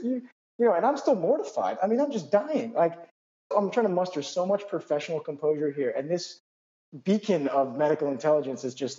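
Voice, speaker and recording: A male physician telling a personal anecdote in an animated, self-deprecating way, full of asides. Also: a little high, dull audio.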